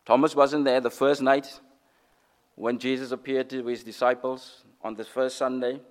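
Preaching at a moderate pace, this man has a medium-pitched voice with a flat delivery. His sermon moves from loud proclamations to quiet, almost whispered passages, and he repeats phrases to drive points home.

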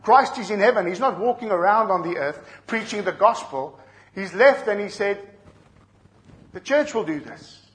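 A middle-aged man preaching a sermon, earnest and measured, dropping soft and then rising loud to drive a point home. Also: sits high, animated. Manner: earnest, swings from soft to shouting for emphasis. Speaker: pastor.

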